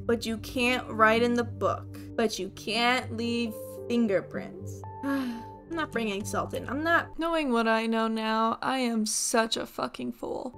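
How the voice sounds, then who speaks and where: A woman giving casual gameplay commentary, swearing a lot, jumpy, talking to the ghost and yelling at it. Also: fairly high pitch. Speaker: streamer playing solo.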